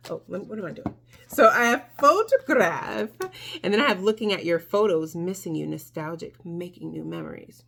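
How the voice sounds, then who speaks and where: A woman's voice: fairly low pitch, lively intonation, normal speed, gravelly, fairly bright tone. Chatty woman giving a tarot reading. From Mexico. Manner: chatty and emphatic, many fillers and restarts. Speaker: tarot reader. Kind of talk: casual tarot reading to camera.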